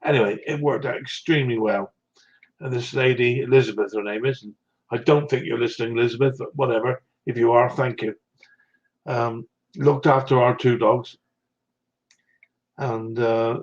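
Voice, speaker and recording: Chatty West Country man, dull lo-fi audio. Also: mid-range voice. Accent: West Country English. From South West England. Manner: rambling, chatty, answers viewers' comments with laughs. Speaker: live streamer. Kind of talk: casual live-stream chat.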